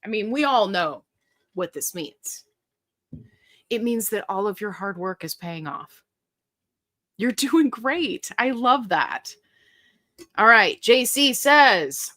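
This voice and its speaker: A woman chats brightly with her live viewers, greeting them by name and reading out their comments. Her voice is crisp and bright, recorded close and dry with no room sound. She sounds easygoing and upbeat throughout. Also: fairly high pitch, expressive, unhurried, long pauses, no room sound. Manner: chatty, upbeat, reads viewer comments aloud. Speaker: livestream host. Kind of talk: casual live Q&A chat.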